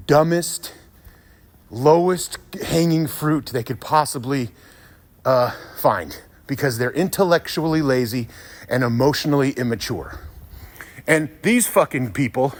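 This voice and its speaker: A man ranting in a sarcastic, profane commentary monologue, laughing often. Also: fairly high pitch. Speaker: YouTube commentator.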